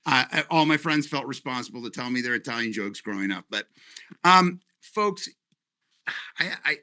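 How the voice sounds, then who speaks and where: A man from Canada leading his company's webinar, talking in a rambling, animated, joking way. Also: mid-range voice. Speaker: company leader. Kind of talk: live webinar presentation.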